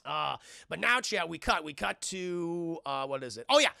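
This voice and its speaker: A young man streaming a rambling, profane film recap to his chat, full of fillers and sudden loud voiced impressions. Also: lively intonation, moderate pace, creaky, no echo, clean studio sound. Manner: jumps into loud high-pitched impressions of characters. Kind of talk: animated recap with voiced quotes.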